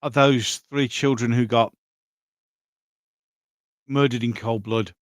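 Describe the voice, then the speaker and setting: A man's voice: medium pitch, fairly even intonation, slow pace, no echo. A man hosting a live stream in a loose, conversational way, reading out viewer comments and answering them as he goes. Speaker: livestream host reading viewer chat.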